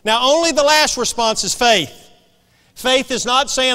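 High-voiced pastor preaching in a reverberant church. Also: male voice, moderate pace, sharp tone, clean tone. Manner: folksy, emphatic storytelling. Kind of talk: storytelling sermon. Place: church sanctuary. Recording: long reverb of a church hall.

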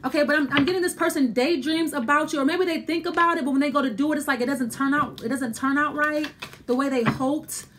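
Woman tarot reader, high voice, casual, rambling and repetitive, talks right to the listener. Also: fast talker, a bit bright, a little hiss or hum. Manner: rambling, repetitive, thinking aloud while pulling cards; addresses the listener directly and reassuringly. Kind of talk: casual tarot card reading.

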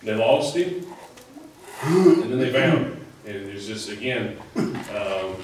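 A man's voice: medium pitch, lively intonation, slow, darkish tone, a little hiss or hum. A man preaching a sermon in a loose, conversational way, full of fillers and restarts. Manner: conversational, rambling with many fillers. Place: church sanctuary. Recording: echoey hall, mic at a distance.

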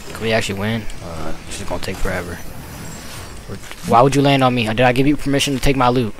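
A man streaming a game, bossing and trash-talking his teammates, at times shouting, at times muttering. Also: mid-range voice, fast. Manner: bossy trash-talking, swinging from shouting to mumbling. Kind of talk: gaming stream chat.

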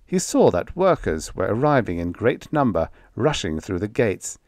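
A man narrating a vintage science fiction audiobook with expressive storytelling. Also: fairly low pitch, moderate pace, no echo.

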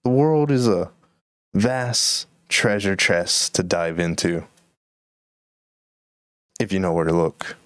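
A man's voice: low-pitched, slow, pauses often, no room sound, studio quality. A man hosting a solo podcast, musing and rambling casually about current events. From Texas. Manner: rambling, musing, laid-back. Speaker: podcast host.

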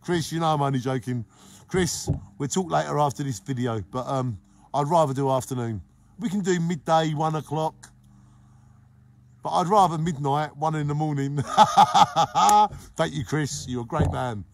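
A middle-aged man from England hosting a live stream, greeting viewers by name in an exuberant, sing-song way that swings between loud and hushed. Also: a little high, a little slow, gravelly. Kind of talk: casual live-stream chat, reading comments.

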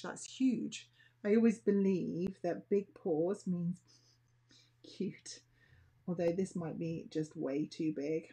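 A woman demonstrates nail art, talking slowly and casually as she thinks aloud. Her voice sits low and gravelly, with a husky, dark, mellow tone. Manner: chatty, thinking aloud while working.

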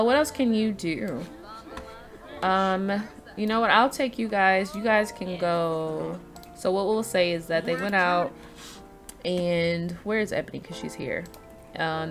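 A woman giving casual gameplay commentary, thinking aloud and chatting to the characters on screen. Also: fairly low pitch. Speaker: let's-play host.

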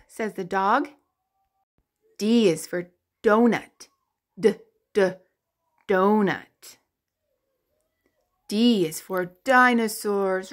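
A woman teaching the alphabet to toddlers in a slow, sing-song, exaggerated way, with playful animal sounds. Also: mid-range voice. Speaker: children's educator.

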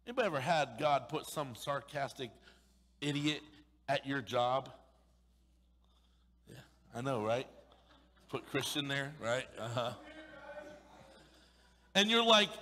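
A male pastor preaching an emphatic, sarcastic sermon, swinging between loud pushes and sudden hushed asides. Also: medium pitch, animated, takes it slowly, long pauses, in a large hall. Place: church sanctuary.

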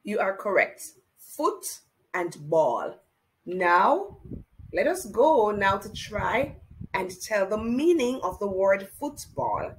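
A woman's voice: medium pitch, very animated, low-quality recording. A woman teaching a children's reading lesson, speaking to the child directly and encouraging them as she spells and counts. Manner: encouraging, slow and sing-song, addressing a child directly.

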